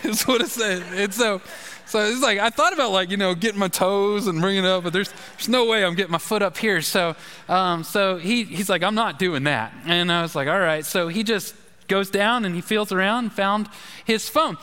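Man, preaching, high clear tone, loose storytelling, big echoing sanctuary. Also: normal speed. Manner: chatty, animated anecdote telling with fillers. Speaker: pastor. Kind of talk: sermon storytelling. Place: church sanctuary. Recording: long reverb of a large hall.

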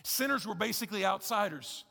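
A man's voice: high-pitched, expressive, a little fast, gravelly, bright, forceful tone. A man preaching a sermon as pastor, conversational and emphatic, repeating key phrases with wry humor. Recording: echoey church hall.

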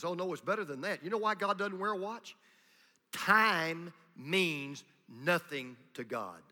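A man preaching a sermon as pastor, swinging from hushed asides to loud, emphatic declarations. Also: a little high. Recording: long reverb of a large hall.

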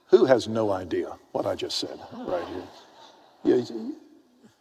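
Male preacher, husky voice, storytelling sermon, swings between loud emphasis and near-whispers, big reverberant hall. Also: mid-range voice. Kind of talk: sermon with personal anecdote. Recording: long reverb of a large hall.

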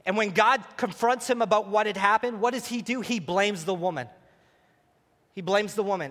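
A man preaching a sermon as pastor, animated and playful, speaking to a congregation. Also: high voice, normal speed, big-room sound. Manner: animated, preacherly, acts out voices. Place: church sanctuary.

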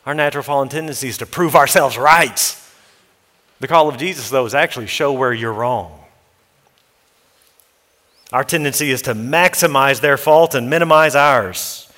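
Emphatic preacher in an echoing hall. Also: male voice, normal speed, long pauses. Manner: emphatic, rising to forceful exhortation and dropping low to read scripture. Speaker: pastor. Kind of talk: sermon. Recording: long reverb of a large hall.

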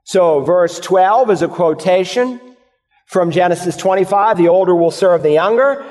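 A man's voice: sits high, normal speed, a little mellow, big-room sound. A male pastor preaching an expository sermon, posing and answering rhetorical questions for his listeners.

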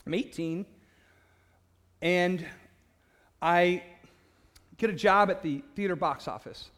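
A high-pitched man takes it slowly as he shares a personal faith testimony. He's an animated storyteller who laughs at himself and trips over repeated words, and he calls himself passionate and loud.

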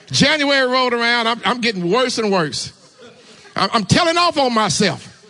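A married adult man preaches a sermon testimony in a high, bright, forceful voice at a moderate pace. Telling a personal story, he keeps urging the congregation to respond, his animated delivery breaking into sudden shouts.

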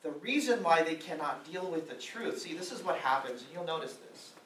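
A man's voice: a little high, expressive, brisk, a bit bright, slight background noise. Man preaching from afar in an echoey hall. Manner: emphatic preaching with repeated rhetorical questions. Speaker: pastor. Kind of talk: sermon. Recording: roomy echo, mic at a distance, faint ambience.

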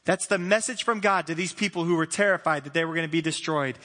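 A man preaching a sermon as a pastor in a church, in a lively, conversational way with many restarts. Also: fairly high pitch, fast. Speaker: site pastor. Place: church sanctuary. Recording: long church hall reverb.

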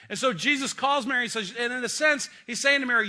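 A man's voice: very high voice, fast talker, few pauses, pushed and bright. A middle-aged male pastor preaching a sermon in a folksy, joking, conversational way.

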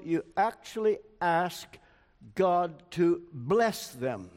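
An older man delivers a sermon at a slow, measured pace, earnest and personal. His voice sits somewhat high for a man. Long reverb from a large church hall hangs on each phrase. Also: animated, darkish tone. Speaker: preacher.

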